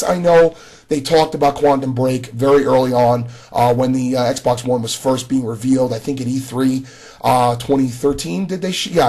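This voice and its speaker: A man's voice: a little high, darkish tone. A man giving a casual spoken video response, talking straight to another creator with frequent restarts. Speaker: gaming commentator.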